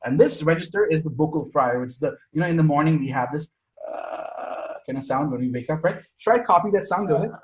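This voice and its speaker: A man's voice: fairly high pitch, expressive, fast talker, hardly any pauses, echoey room, poor audio. A man teaching an online singing lesson over a video call, chatty and forever checking in with "right?". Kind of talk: casual online music lesson.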